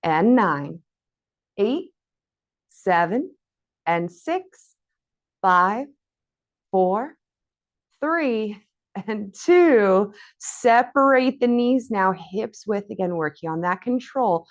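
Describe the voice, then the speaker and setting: A woman's voice: medium pitch, expressive, very slow, pauses often. A woman leading a guided floor workout, counting reps aloud and encouraging, a little out of breath from exercising along. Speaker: fitness instructor.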